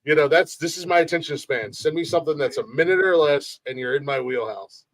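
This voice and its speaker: This man's voice sits on the high side and moves a little fast. Co-hosting a casual comedy podcast on a streamed podcast mic, he tells stories animatedly, swears freely, and acts out quotes.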